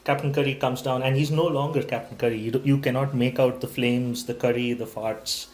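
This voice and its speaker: A man's voice: medium pitch, fairly even intonation, fairly quick, darkish tone. Male tabletop player, matter-of-fact, roomy echoey recording. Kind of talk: tabletop role-play, describing actions. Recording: roomy echo.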